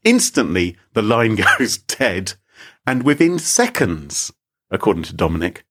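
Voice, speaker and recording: A man co-hosting a podcast, telling a story in a casual, animated way and laughing often. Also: on the low side, husky. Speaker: podcast co-host. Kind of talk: casual chat.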